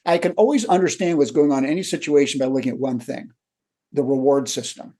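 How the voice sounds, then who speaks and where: Older man telling stories, mellow husky voice. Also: medium pitch, fast talker. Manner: animated storyteller who acts out quotes. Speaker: leadership coach guest. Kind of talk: conversational storytelling.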